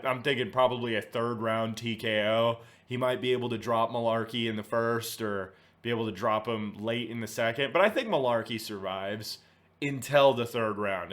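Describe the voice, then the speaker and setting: A man's voice: mid-range voice, a bit bright. A man hosting casual commentary, swearing freely and thinking aloud as he goes through results and picks. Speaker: host.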